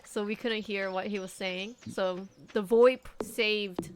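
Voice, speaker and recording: A woman's voice: medium pitch, fairly even intonation, slow, slight background noise. A young woman co-hosting a game stream, chatting casually and playfully retelling funny moments, often giggling. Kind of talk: casual chat. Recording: music playing underneath.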